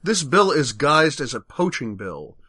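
A man's voice: on the high side, big pitch swings, measured pace, sharp tone. A man co-hosting a podcast, giving casual commentary in a wry, persuasive way. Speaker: podcast co-host.

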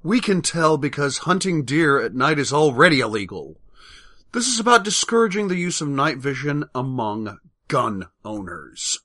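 Male podcast co-host, bright forceful tone, wry and persuasive. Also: on the high side, big pitch swings, moderate pace. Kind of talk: casual commentary.

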